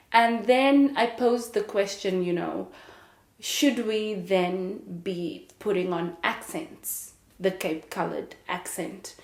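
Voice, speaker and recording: A young adult woman with a South African English accent hosts a podcast, speaking candidly and reflectively in a casual monologue. She laughs often and uses plenty of fillers. Her medium-pitched voice is heard in an echoey room.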